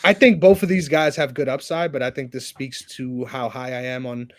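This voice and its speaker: A man's voice: medium pitch, steady tone, moderate pace. A young man co-hosting a casual sports podcast, teasing his partner, hyped up and swearing freely. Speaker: podcast co-host.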